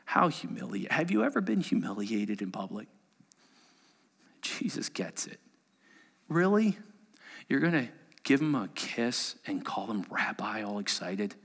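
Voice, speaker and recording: A man preaching a sermon and reading scripture aloud, swinging between hushed asides and loud exclamations. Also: lowish voice, very animated, measured pace, creaky, long pauses. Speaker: pastor. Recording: long hall reverb.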